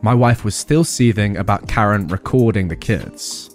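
A man's voice: fairly low pitch, normal speed, hardly any pauses, faint music behind. A man narrating a personal story with sarcastic, comic asides.

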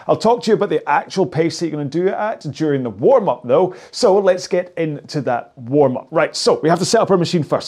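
Guy coaching a rowing workout as he rows, jokey and upbeat, voice a bit on the high side. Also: darkish tone. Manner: chatty, jokey, encouraging; talks while rowing on a machine. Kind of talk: instructional workout talk.

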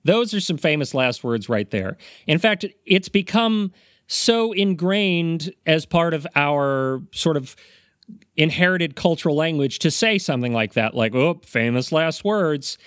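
A man's voice: fairly high pitch, animated, measured pace, a bit bright, dry recording, clean studio sound. Wry man hosting a comedy podcast. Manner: wry, rambling with self-aware asides. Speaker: podcast host presenting the topic. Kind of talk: casual comedic podcast chat.

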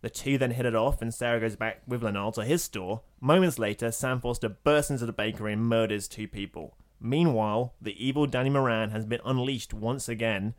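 A man co-hosting a film podcast, telling stories in an animated way and laughing often. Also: medium pitch, a little fast, hardly any pauses. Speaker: podcast co-host. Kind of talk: casual chat.

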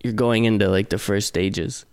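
A man's voice: on the low side, fairly even intonation, moderate pace, clear, resonant tone. A man co-hosting a podcast, explaining things in a laid-back, casual way. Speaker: podcast co-host. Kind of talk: casual chat.

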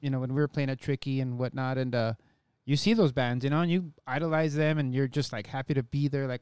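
A band member in casual conversation, reflective and rambling. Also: male voice, medium pitch, steady tone, fast talker, few pauses, darkish tone, clear, resonant tone, dry recording, studio quality. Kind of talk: casual chat.

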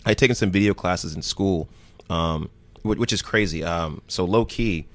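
His voice sits low and moves at a normal speed. A New Jersey man appearing as a podcast guest, he spins casual stories and animatedly plays out what the people in them said.

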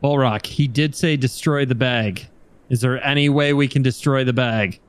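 A man's voice: medium pitch, steady tone, moderate pace, smooth, dry recording. A man playing a tabletop game, talking casually and swearing freely. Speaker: player. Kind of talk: casual tabletop role-play.

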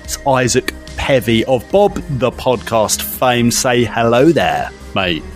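A man's voice: medium pitch, lively intonation, slow pace, soft background music. A man co-hosting a podcast in casual chat, jokey and bantering, often repeating himself. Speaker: podcast co-host.

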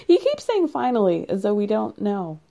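A woman's voice: medium pitch, wildly swooping pitch, normal speed, creaky, mellow. A woman casually recapping a reality show in a chatty way, full of "like" and sarcastic asides.

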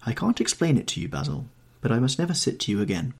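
A man's voice: medium pitch, lively intonation, fast talker, creaky, a little mellow, breathy edge, voice pushed up. A man voicing a charming, guarded young man in a storybook reading, with a lighter, evasive delivery. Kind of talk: audiobook character reading.

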